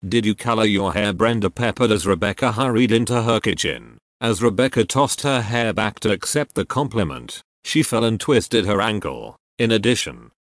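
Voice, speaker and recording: A man narrating a comic short story aloud in a steady, deadpan reading. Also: fairly low pitch, normal speed, few pauses, no room sound.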